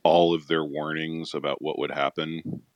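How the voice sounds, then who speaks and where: A man's voice: a bass voice, flat delivery, moderate pace, no room sound, muffled recording. A man co-hosting a podcast, explaining things plainly in casual chat. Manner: matter-of-fact, explains plainly. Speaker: podcast co-host.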